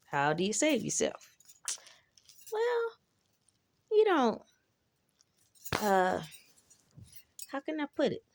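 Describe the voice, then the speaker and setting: A woman's voice: high-pitched, huge pitch swings, slow pace, long pauses, slight background noise. A woman in a casual monologue, talking bluntly and with plenty of profanity as she reflects on her own life. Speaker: vlogger.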